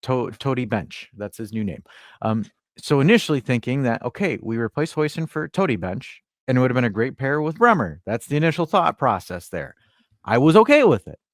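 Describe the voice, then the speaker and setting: Man, podcast host, sarcastic, profane, ranting, lively pitch, dry sound. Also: fairly quick, no room sound. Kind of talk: casual sports podcast chat.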